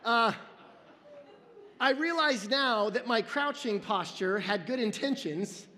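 A male pastor in his forties delivers an earnest sermon, mixing personal stories with self-deprecating humor. His voice sits high for a man. The sound carries the long reverb of a large hall. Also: expressive, slow, pushed and bright.

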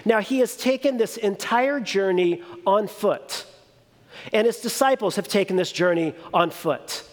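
A man preaching a sermon as a pastor, teaching through rhetorical questions and emphatic pauses. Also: sits high, in a large hall.

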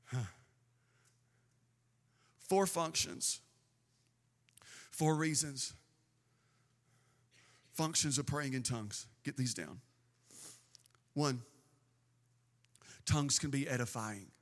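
A man preaching a sermon as pastor, swinging between emphatic bursts and slow, drawn-out phrases. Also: mid-range voice. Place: church sanctuary with a band. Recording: long hall reverb with faint band music.

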